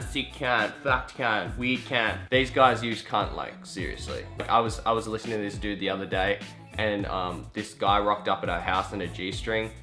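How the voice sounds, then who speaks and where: A young Australian man with a lowish voice rambles casually at home, cursing freely. Faint music plays underneath. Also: pushed and bright. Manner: chatty, rambling, swears freely. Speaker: vlogger. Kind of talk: casual vlog monologue.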